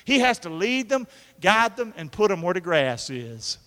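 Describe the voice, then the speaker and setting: A man's voice: sits high, big pitch swings, moderate pace, bright, forceful tone. A man preaching a folksy sermon in church, calling out to the congregation and acting out quotes. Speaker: pastor. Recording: echoey hall.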